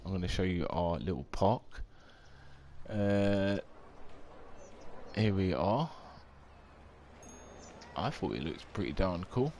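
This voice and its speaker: A man's voice: deep voice, expressive, slow pace, pauses often, a little mellow, slight background noise. A man, chatting casually on a live game stream, rambling and reading out viewer comments.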